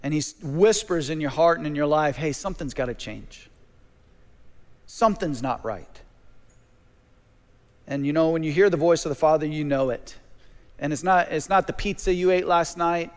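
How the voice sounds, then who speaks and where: A man preaching a sermon as a pastor, animated, with repeated phrases and quick stammered restarts. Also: a little high, clean tone. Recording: long reverb of a large hall.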